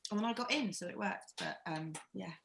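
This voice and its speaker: A woman from England leading a live-streamed acting workshop, talking in an encouraging, reflective way with animated emphasis. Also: medium pitch, fairly quick, creaky, echoey room, a little hiss or hum, low-quality recording. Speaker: workshop leader.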